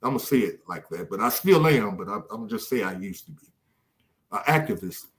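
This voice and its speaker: A man's voice: fairly low pitch, animated, brisk, fairly bright tone. An older man hosting a podcast, talking casually and with animation, often repeating words as he searches for a thought. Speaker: podcast host.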